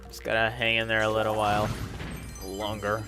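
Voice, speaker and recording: A man's voice: on the low side, completely flat delivery, normal speed, over music. A man chatting casually while playing a video game, rambling with lots of "like" and laughter. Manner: rambling, laughing, heavy use of "like". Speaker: gaming channel host. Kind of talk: casual let's-play commentary.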